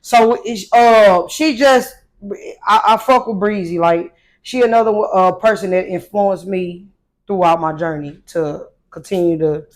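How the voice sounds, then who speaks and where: A woman's voice: mid-range voice, unhurried. A woman from St. Louis, a guest emcee, chatting casually on a podcast, brash and laughing, tipsy from drinks.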